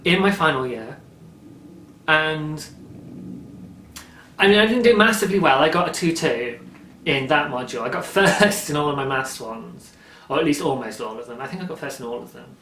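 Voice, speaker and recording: A man's voice: on the high side, moderate pace, pushed and bright, a little hiss or hum. A young man hosting a knitting podcast, talking in a rambling, chatty way and laughing often. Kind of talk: casual chat. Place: indoor room at home, daylight. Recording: roomy echo.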